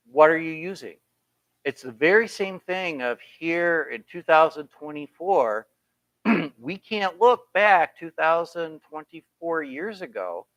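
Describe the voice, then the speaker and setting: New guy teaching bible study, bright voice, kinda high, lots of "you know" and "right?" asides. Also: dry recording, low-quality recording. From New York. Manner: conversational, folksy asides and rhetorical questions. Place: church Bible study room. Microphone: computer streaming the class.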